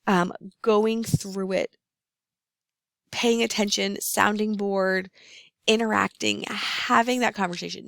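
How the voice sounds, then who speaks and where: Woman with gravelly voice lecturing. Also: medium pitch, a bit bright, no room sound, clean studio sound. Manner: explanatory, repeats key terms, frequent "um". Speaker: nursing instructor. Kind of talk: recorded lecture.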